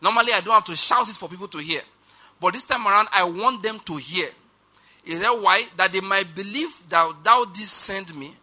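A man preaching a sermon, reading scripture aloud and slowing down to stress key lines while urging the congregation to respond. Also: high voice, bright, forceful tone. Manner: reads scripture aloud, slows for emphasis, urges the congregation.

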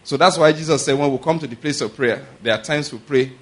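A man preaching a conversational sermon, often pausing to ask whether listeners are following and chuckling through anecdotes. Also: a little high, a bit bright. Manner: checks in with "are you getting my point?" and "all right?".

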